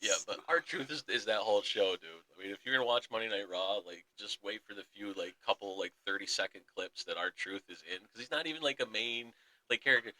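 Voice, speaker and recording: A young man co-hosting a sports podcast, excitedly retelling a wrestling story in casual chat and acting out the quotes. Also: on the low side, a little fast, low-quality recording. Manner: excited storytelling, acts out quotes, laughs often. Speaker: podcast co-host.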